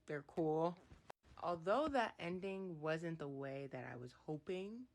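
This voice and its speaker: Woman, low voice, casual Bible breakdown, expressive reactions, reads verses aloud. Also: takes it slowly. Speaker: Bible study vlogger.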